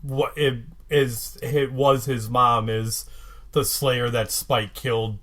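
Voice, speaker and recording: Slow, wry man co-hosting a podcast. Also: medium pitch, steady tone, a bit bright. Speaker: podcast co-host. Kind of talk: casual recap chat.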